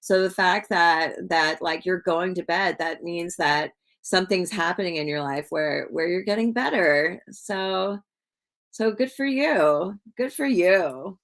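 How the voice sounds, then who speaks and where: A woman's voice: fairly low pitch, measured pace. A woman hosting a casual livestream, talking to viewers in a rambling way with many fillers and repeated words. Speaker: livestream host.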